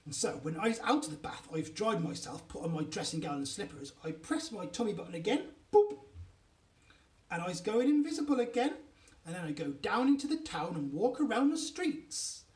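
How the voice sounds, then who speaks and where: A man doing a gleeful high-voiced dream boy. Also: very animated, moderate pace, darkish tone, echoey room, distant mic. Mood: boastful glee. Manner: ungrammatical giant-style speech, bursts high. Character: excitable young boy dreamer, boastful.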